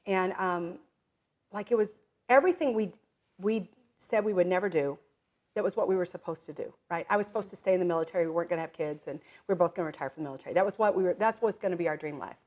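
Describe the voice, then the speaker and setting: Chatty woman telling lively stories. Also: fairly low pitch, quick pace. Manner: lively storyteller who acts out quoted voices and laughs often; many fillers like "um" and "like". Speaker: guest, direct-selling entrepreneur. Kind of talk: casual interview conversation.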